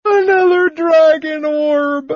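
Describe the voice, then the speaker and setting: A man's voice: steady tone, slow, dry recording, dull audio. A man voicing a small, childlike kender who sobs and wails frantically. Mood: wailing. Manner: sobbing, shrill and frantic.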